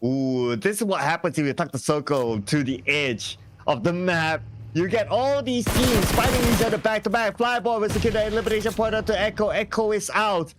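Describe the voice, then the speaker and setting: A man casting a live esports match in English with a Southeast Asian accent, rattling off eliminations in quick succession. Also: high voice, noisy background. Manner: rapid-fire calling of eliminations. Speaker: esports caster. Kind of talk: live esports play-by-play commentary.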